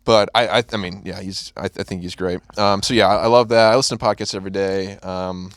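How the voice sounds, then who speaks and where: Earnest, low-voiced podcast guest. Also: male voice, fairly even intonation, brisk, dry recording. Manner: earnest, opinionated, hedging. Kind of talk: casual podcast chat.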